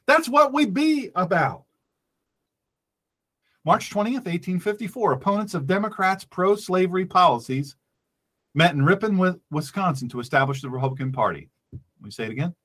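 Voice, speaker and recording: A man's voice: high-pitched, brisk, fairly bright tone. A man, a pastor hosting an online show, giving emphatic commentary that repeats its points and calls the listeners folks. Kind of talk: animated political commentary.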